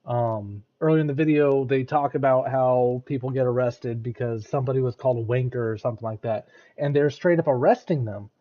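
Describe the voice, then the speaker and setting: A man's voice: mid-range voice, fairly quick, muffled recording. An American man giving casual reaction commentary, often restarting and repeating words as he thinks aloud. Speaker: reaction streamer.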